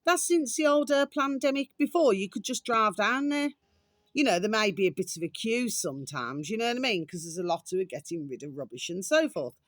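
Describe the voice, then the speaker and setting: A woman's voice: mid-range voice, big pitch swings, a little fast, fairly bright tone, no room sound. A woman talking casually to camera, ranting in a chatty, repetitive way and often calling her viewers pet names. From England. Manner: chatty, repetitive, ranting, calls viewers "my delicious little babies". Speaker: vlogger.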